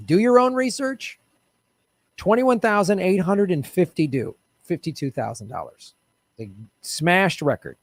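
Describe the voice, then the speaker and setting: A man hosts a solo political livestream, with a voice sitting a touch higher than most men's. He rants with exasperation, drops swear words freely, and turns to chat with his viewers. The sound is close and dry, with no room around it. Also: lively intonation, a little slow, creaky, no echo. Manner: chatty asides to viewers. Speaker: political commentary host.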